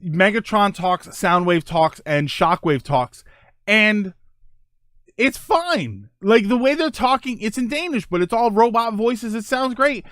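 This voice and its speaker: Streamer host, a man in his forties, a bit high-voiced, chatty and excitable, recorded close and dry. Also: unhurried, no echo. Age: 40s. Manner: rambling, enthusiastic, laughs often. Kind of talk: casual livestream chat.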